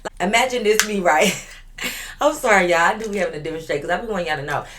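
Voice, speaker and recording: A woman's voice: mid-range voice, fast, a bit bright. A young woman vlogger telling a story in a casual storytime, talking straight to viewers and acting out what other people said.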